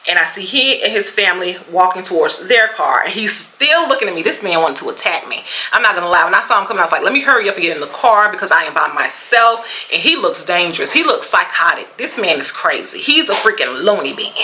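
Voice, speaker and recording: Bright, animated Southern woman vlogger. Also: on the low side, low-quality recording. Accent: Southern American. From Mississippi, USA. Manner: animated storyteller, acts out quotes, laughs often. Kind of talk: storytime vlog.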